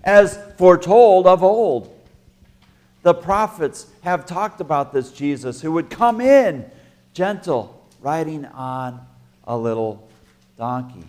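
A man preaching a sermon as pastor, emphatic, with halting restarts, swinging from soft asides to loud declarations. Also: medium pitch.

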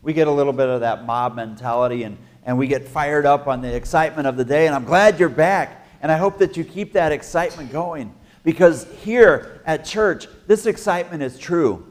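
A man preaching a sermon as pastor, emphatic, with halting restarts, swinging from soft asides to loud declarations. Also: a little high.

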